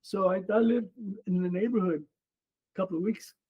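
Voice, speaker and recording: A Mexican man in his seventies, a former runner and coach, guests on a podcast from a room at his home. His voice is high with a breathy edge at normal speed, and he earnestly recounts his life, often saying "you know." The recording sounds dull and lo-fi.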